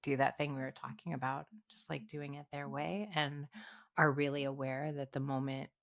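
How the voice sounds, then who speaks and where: A woman co-hosting a podcast, asking questions and answering thoughtfully in a soft, affirming way. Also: extremely low pitch, level tone, moderate pace, gravelly, dry recording, studio quality. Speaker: podcast co-host. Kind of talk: casual interview chat.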